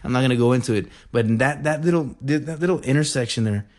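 A man telling a story in a casual, rambling and excitable way, full of fillers. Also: mid-range voice, quick pace.

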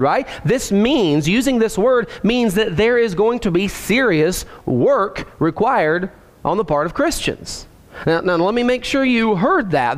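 High-voiced man preaching a sermon. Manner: conversational, emphatic, with frequent "right?" asides; repeats key phrases slowly for emphasis.

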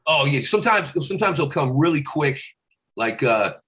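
A man's voice: a little high, normal speed. A male comedian and impressionist in a casual podcast chat, talking animatedly and dropping into celebrity impressions as he goes. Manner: animated, slips in and out of celebrity voices. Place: podcast studio.

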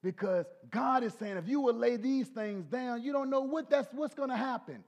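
Male pastor, middle-aged, high-pitched, folksy sermon, soft asides, shouted peaks. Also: animated, moderate pace, muffled recording. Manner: folksy, talks to the congregation.

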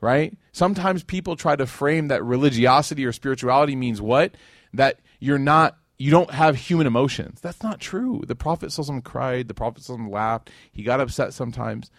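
Here the Chicago lecturer, a man in his thirties, sounds animated and quick, his voice sitting in the mid range as he delivers a relaxed Islamic lecture to a live crowd. Fillers such as "like" and "you know" pile up, and he regularly quizzes the audience. The sound is dry and studio quality.

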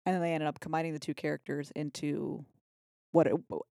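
A woman co-hosting a casual podcast chat about a film, enthusiastic and full of trivia, with loose, halting phrasing and lots of fillers. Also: sits low, level tone, gravelly, warm tone, no echo, studio quality. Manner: enthusiastic, trivia-sharing, swears and laughs. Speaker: podcast co-host.

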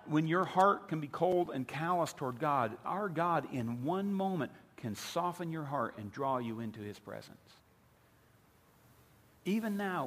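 A man's voice: a little high, a bit bright. Man preaching in an echoing hall. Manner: preaching with rising, emphatic repetition. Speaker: pastor. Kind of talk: sermon. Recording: long hall reverb.

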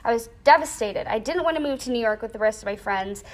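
A young woman in a casual interview, telling a personal story with lively acted-out quotes and lots of "like". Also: fairly high pitch, quick pace. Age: young adult. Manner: animated storyteller, acts out quoted voices; frequent "like" fillers.

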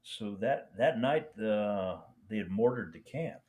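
Low-voiced man telling war stories haltingly. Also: animated, a little mellow. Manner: rambling, halting, many restarts and fillers. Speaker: veteran guest. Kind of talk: casual storytelling interview.

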